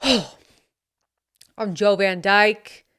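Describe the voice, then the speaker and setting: A woman's voice: mid-range voice, animated, normal speed, a bit bright, no echo, studio quality. A woman playing a cocky young male dad influencer who talks with a faint southern twang in a swaggering, slangy, boastful way, as a comedic character monologue. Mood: braggy.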